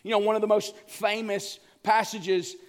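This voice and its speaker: A man preaching an Easter sermon, impassioned, swinging from near-shouts to hushed, quiet lines. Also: sits high, flat delivery, moderate pace, in a large hall. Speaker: pastor.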